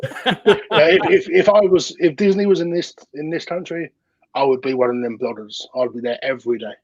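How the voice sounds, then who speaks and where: A man's voice: on the high side, normal speed, no echo, lo-fi sound. A man from the UK with a British accent, chatting as a guest on a podcast and often repeating words as he starts his sentences. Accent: British English. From United Kingdom. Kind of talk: casual chat.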